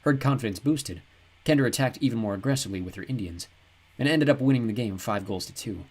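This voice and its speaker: A man reading a novel aloud as an audiobook narrator, in an even, descriptive storytelling manner. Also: medium pitch, quick pace. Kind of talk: scripted narration.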